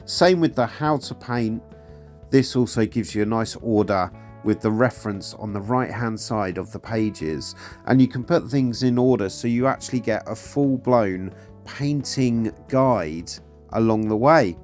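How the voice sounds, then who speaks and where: A man's voice: fairly low pitch, measured pace, a little mellow, soft background music. A man hosting his own hobby channel, reviewing magazine releases in a chatty, upbeat way with plenty of fillers. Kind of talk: casual product review.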